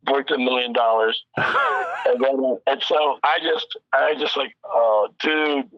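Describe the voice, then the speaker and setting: This is a man at mid pitch, spinning a long, loose story as a guest, doubling back on himself and cursing freely as he goes. His voice comes through a dull, muffled, lo-fi connection. The sound is dry with no room around it. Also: measured pace, no echo. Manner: rambling, animated anecdote-telling with frequent restarts and profanity. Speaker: recording engineer and producer, guest. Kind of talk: casual storytelling interview.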